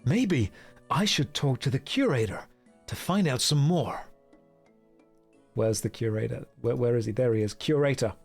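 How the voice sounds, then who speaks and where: A man streaming a game and commenting casually, with wry, rambling and quick talk full of jokey asides. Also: mid-range voice, lively intonation, creaky, husky, faint music behind.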